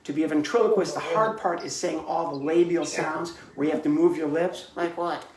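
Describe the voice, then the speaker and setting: A man's voice: on the high side, fairly even intonation, fairly quick, echoey room. A man performing live online ventriloquist comedy, chatty as he explains his act. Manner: chatty, explaining while bantering.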